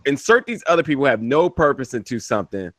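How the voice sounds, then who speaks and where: A man's voice: mid-range voice, very animated, fast, dry recording. A man co-hosting a casual wrestling podcast, hesitant with many fillers, then heated rants. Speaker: podcast co-host.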